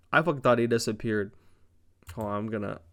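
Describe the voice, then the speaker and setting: A young man casually recapping a wrestling show, rambling, excited and profane. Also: lowish voice. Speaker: wrestling reviewer.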